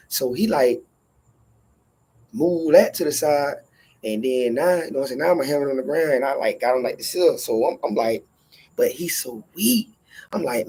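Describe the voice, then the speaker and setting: A man telling a profane workplace story in casual storytelling style, animated and acting out every line of dialogue. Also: on the high side, normal speed, vocal fry, slightly rough.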